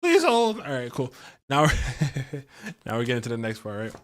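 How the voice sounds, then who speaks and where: A man's voice: mid-range voice, normal speed, fairly bright tone. Chatty man giving a tarot reading. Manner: chatty and playful, laughs at himself, many fillers. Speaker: astrology and tarot reader, livestream host. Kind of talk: casual livestream tarot reading.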